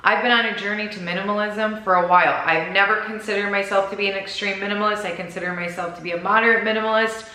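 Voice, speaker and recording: A woman with a Minnesota accent talks to her camera in a loose, rambling vlog, laughing at her own asides. Her voice is bright and forceful, neither high nor low. The room has a noticeable echo. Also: fairly even intonation, fast talker, few pauses. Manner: rambling, giggly, self-deprecating. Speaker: vlogger. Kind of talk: chatty vlog talk to camera.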